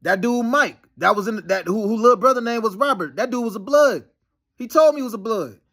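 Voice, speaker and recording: A man launches into a rambling, profane monologue, staying heated and insistent throughout. His voice is high for a man, bright and forceful, and he speaks quickly in a casual way.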